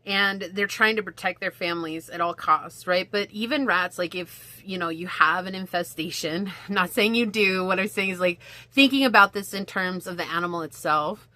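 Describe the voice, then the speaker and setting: A woman's voice: fairly low pitch, normal speed, few pauses, sharp tone. A woman giving a casual pick-a-card tarot reading, chatty and rambling, with lots of "like" in her talk. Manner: chatty, rambling, heavy use of "like". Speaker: tarot reader.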